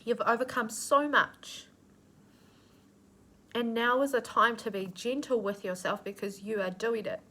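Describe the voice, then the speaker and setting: An intuitive reader delivers a channeled spiritual reading, earnest and nurturing, casually swearing amid her affirmations. Her voice is a little high, bright and forceful, with a steady tone and an unhurried pace.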